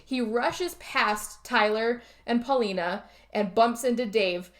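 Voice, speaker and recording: A woman's voice: fairly high pitch, slow. A woman co-hosting a podcast, casually retelling a film's plot and acting out the characters' lines with some swearing. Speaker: podcast co-host. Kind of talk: casual movie recap chat.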